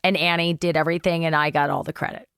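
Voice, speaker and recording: Animated woman telling a story. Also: deep voice, fast talker, very noisy. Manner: animated, swearing, self-mocking. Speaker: guest. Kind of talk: casual storytelling.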